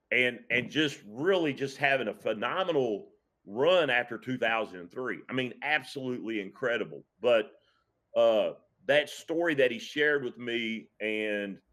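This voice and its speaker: A man who coaches high school football, speaking casually on a podcast, reflective and earnest, often restarting his sentences. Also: fairly bright tone. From Kentucky.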